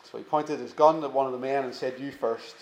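A man preaching a sermon, earnest and emphatic, slowing down to stress key words. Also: mid-range voice, steady tone, a little mellow, echoey room, low-quality recording. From England.

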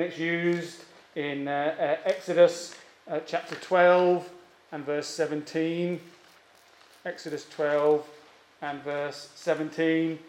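A man's voice: high voice, roomy sound. A man preaching an expository sermon, emphatic and given to repeating key phrases, with frequent fillers.

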